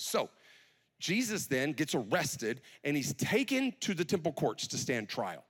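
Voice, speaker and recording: A man preaching a sermon, retelling a story with lively, acted-out quotes. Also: mid-range voice, moderate pace. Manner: animated, acts out scenes with quoted voices. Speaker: pastor.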